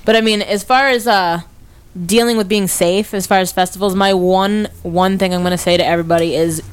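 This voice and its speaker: A young woman chatting casually with friends, animated as she acts out people she met. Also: mid-range voice, brisk, clear, resonant tone. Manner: animated storytelling, acts out quoted voices. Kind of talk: casual group chat.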